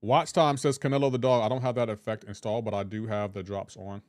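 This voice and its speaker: A man's voice: lowish voice, fairly even intonation, fast talker, a little mellow, no room sound, studio quality. A man hosting a live game stream in casual chat, reading out viewers' names and messages and teasing them about how words are said. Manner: chatty and joking, reads out chat names and comments; playful teasing about pronunciation.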